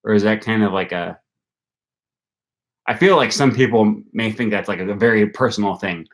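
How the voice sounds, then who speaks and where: A man's voice: on the low side, normal speed. A young man from Wisconsin with a Wisconsin accent, hosting a casual livestream and thinking aloud with plenty of ums and likes. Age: young adult. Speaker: language-learning channel host. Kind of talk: casual livestream chat with viewers.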